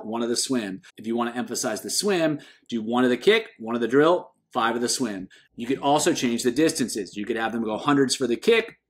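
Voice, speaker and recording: A man's voice: mid-range voice, a bit bright. A man who is a swim coach, explaining training drills in an instructional video with an emphatic delivery that rises on each list item.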